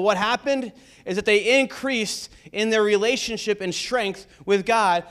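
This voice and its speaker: A man's voice: high voice, smooth. A man preaching a sermon as pastor of a church, building intensity with rhetorical questions.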